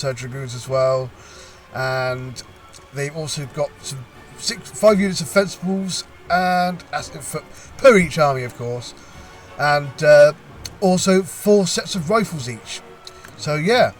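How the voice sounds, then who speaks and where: A man with a slightly high voice casually commentates a video game battle. He talks haltingly, pausing and restarting often, with a lightly amused tone.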